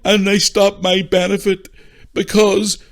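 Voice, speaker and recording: A man mimicking a crying young man who whines and feels sorry for himself, in a high, mocking sob. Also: monotone, a little slow. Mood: sobbing.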